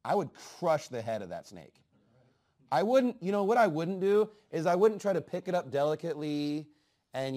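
A man preaching a fiery sermon, swinging from low asides to loud, emphatic outbursts. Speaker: pastor.

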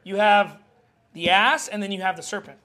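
A man preaching a sermon as pastor, animated and joking, acting out scenes from the Bible. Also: sits high, normal speed.

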